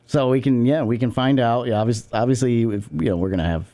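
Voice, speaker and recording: A man's voice: medium pitch, fast talker, dark tone. Easygoing, laughing male radio co-host. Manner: easygoing, laughing, rambling with restarts. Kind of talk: casual chat. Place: community radio studio.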